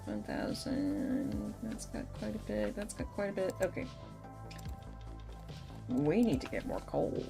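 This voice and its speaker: A playful young woman chatting over her gameplay stream. Her pitch swings widely while her pace stays slow and unhurried, and she laughs often. A faint bed of music sits underneath. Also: very animated, creaky. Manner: playful, laughs often, scolds in mock threats. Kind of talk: casual gameplay chat.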